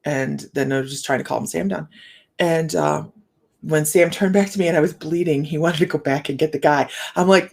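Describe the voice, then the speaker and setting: A woman's voice: sits low, fairly even intonation, moderate pace, creaky, a little mellow. A middle-aged woman hosting a live stream, chatting and telling a story with many fillers and restarts, her words a little slurred from a sore jaw. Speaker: psychic livestream host. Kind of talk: casual live-stream chat.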